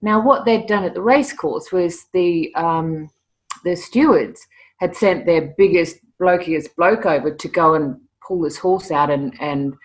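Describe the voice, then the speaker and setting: A middle-aged woman, a guest telling stories in a casual interview, lively and often repeating words as she starts a sentence. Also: fairly low pitch, measured pace. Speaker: interview guest, animal communicator.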